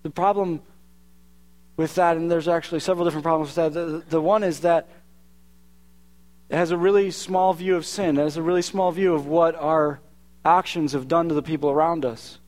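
High-voiced man preaching a sermon. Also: fairly even intonation, a little fast, a little mellow. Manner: earnest, conversational preaching with frequent restarts. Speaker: pastor.

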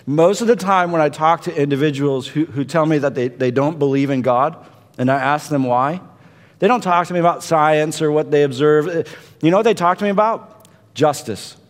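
A man's voice: a little high, moderate pace, pauses often. Man preaching a sermon, hall reverb. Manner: dynamic preaching, rising to intense peaks and dropping to hushed tones. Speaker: pastor.

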